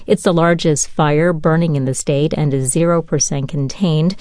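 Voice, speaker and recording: A woman newscaster reading a news bulletin in a crisp, even style. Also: deep voice, normal speed, no echo. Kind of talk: scripted news read. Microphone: studio microphone.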